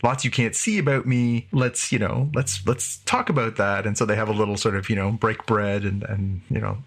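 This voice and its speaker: A man's voice: on the low side, moderate pace, a bit bright. A man hosting a podcast, recapping a TV episode casually, rambling with many fillers and paraphrasing the characters' lines. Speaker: podcast host.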